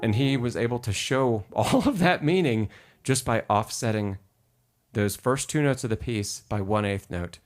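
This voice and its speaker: A man's voice: mid-range voice, lively intonation, moderate pace. A man teaching piano in a live-stream lesson who patiently explains rhythm, counts beats aloud and answers chat questions.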